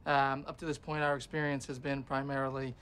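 An actor playing a polite young male private eye who explains himself haltingly, in a film clip. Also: mid-range voice, level tone, fairly bright tone, a little hiss or hum, close to an everyday voice. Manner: hesitant, halting with fillers.

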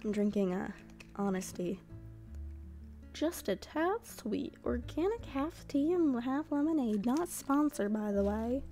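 A young female gaming host talking casually between game lines, chatty and goofy. Her voice is a bit high but dark and mellow in tone, with plenty of vocal fry. Faint music plays behind her. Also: expressive, measured pace. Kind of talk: casual gameplay commentary.

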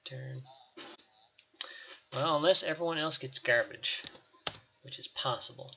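A man runs a tabletop game as game master, narrating in a loose, rambling way with plenty of fillers. His voice is bright and sharp at a medium pitch. The recording sounds slightly dull and lo-fi. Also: a little slow, gravelly, a little hiss or hum. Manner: casual, rambling with fillers and laughs.

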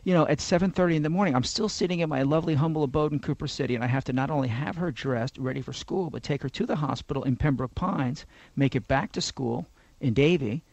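A gravelly-voiced man talking fast as a radio host, rambling through jokes and stories. The studio sound is dry and close, a little muffled, like an older radio broadcast. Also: fairly high pitch, no room sound. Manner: rambling, joking, animated storyteller. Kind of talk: casual talk radio chat.

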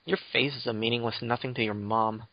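A man's voice: medium pitch, fairly even intonation, a little fast, dry recording. A young man hosting a podcast, chatting casually in a teasing, mock-offended, rambling way. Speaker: podcast host. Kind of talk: casual banter. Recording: dull lo-fi dry audio.

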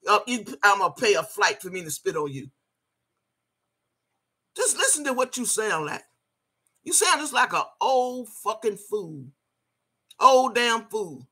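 An older woman delivers a heated rant straight at someone she disapproves of. Her voice is sharp and forceful, and she curses freely and repeats phrases over and over to drive her points home. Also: mid-range voice, sing-song, measured pace, long pauses, slightly rough. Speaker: video blogger. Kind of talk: ranting commentary.

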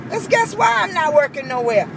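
A woman vents in a heated, repetitive rant, her voice sitting high. Steady traffic noise rumbles clearly behind her outdoor recording. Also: a little fast. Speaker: vlogger. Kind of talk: angry personal rant.

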